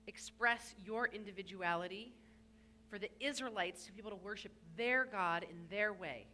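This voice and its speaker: A woman's voice: mid-range voice, pushed and bright, slight background noise. A woman rabbi giving a sermon to a young congregant in a synagogue, telling stories with playful asides. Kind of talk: sermon addressed to a bar mitzvah child. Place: synagogue sanctuary.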